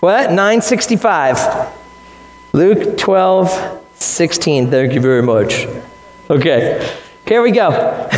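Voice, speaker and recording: A male pastor preaching a lively sermon to a congregation, with joking asides and quick acted-out voices. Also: high-pitched. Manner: animated, joking asides, acts out quoted voices. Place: church sanctuary with congregation. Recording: echoey church hall, long reverb.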